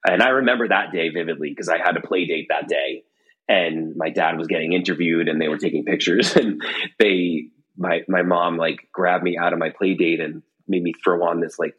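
A man's voice: low voice, fairly even intonation, normal speed, fairly bright tone, slightly rough, highs cut off. A middle-aged man chatting casually from a room at home as a podcast guest, rambling with many fillers and restarts. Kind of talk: casual conversation.

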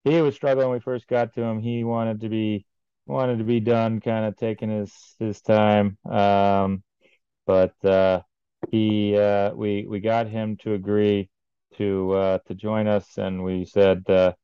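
A man's voice: on the low side, level tone, unhurried, clean tone, no room sound, dull audio. A man recounting a race in casual podcast chat, rambling with many ums and uhs.

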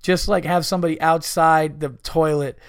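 A man's voice: a little high, normal speed, no echo, studio quality. Laughing, swearing male podcast host. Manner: loud animated riffing between readings, swearing and laughing. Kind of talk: reading listener stories aloud.

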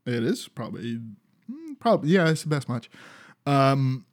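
A man's voice: medium pitch, sing-song, normal speed. A man co-hosting a podcast, chatting casually about wrestling, rambling, swearing often and laughing a lot. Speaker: podcast co-host.

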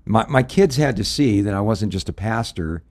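A man's voice: lowish voice, animated, normal speed, a little mellow. A middle-aged man, a pastor, talking in a folksy way, telling stories and quoting scripture in a ministry radio discussion. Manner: folksy, anecdotal, quotes scripture.

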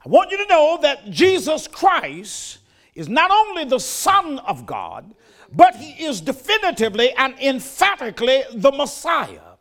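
A man's voice: extremely high pitch, huge pitch swings, a little slow, fairly bright tone. An older man, preaching a sermon in a folksy manner that rises to emphatic declarations.

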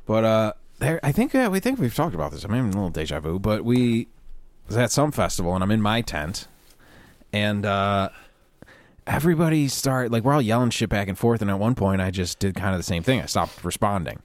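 A man with a fairly low voice telling a laid-back story in casual chat. His pitch swings widely as he talks. The sound is dry and close to the mic. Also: lively intonation, a little fast, no room sound.

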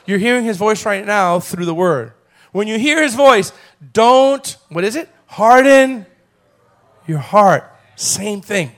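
High-voiced preaching man. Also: animated, takes it slowly. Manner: calls on the congregation to repeat phrases, builds to shouting. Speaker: pastor. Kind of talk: sermon. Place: church.

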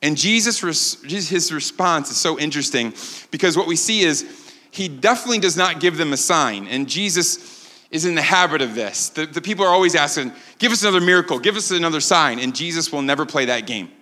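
Bright, lively preaching man in hall. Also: fairly high pitch, fairly quick. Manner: animated preaching, acting out quotes. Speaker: pastor. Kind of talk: sermon. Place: church sanctuary.

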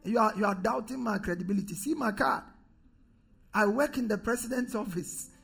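A man's voice: high-pitched, fairly quick, vocal fry, a bit bright, breathy edge, soft background music, exaggerated voice. A man acting out a proud, indignant male angel messenger who scolds and boasts of his authority.

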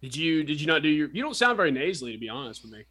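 A man's voice: on the high side, very animated, fairly bright tone. A man co-hosting a community radio sports show, teasing his partner and rambling through loose, chatty tangents. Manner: teasing, rambling, quick to laugh. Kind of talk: casual sports radio banter.

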